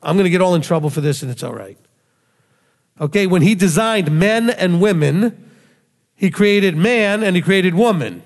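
A man preaching with a high-pitched voice, pressing his point with rhetorical questions and acting out the voices he quotes. His voice rings out with a long reverb behind it. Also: lively intonation, normal speed. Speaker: rabbi. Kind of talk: sermon.

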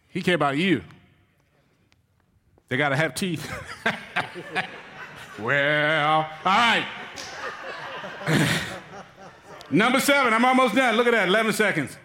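A man, a church elder, giving a joking, animated sermon on marriage to his congregation. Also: high-pitched. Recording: reverberant hall.

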